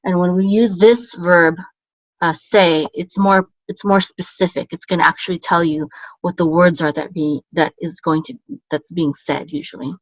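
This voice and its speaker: A woman teaching a relaxed online language lesson, explaining patiently and often checking in with "okay?". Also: lowish voice, normal speed, no echo. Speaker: Biblical Hebrew teacher. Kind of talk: casual screen-share lesson. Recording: dull, dry lo-fi sound.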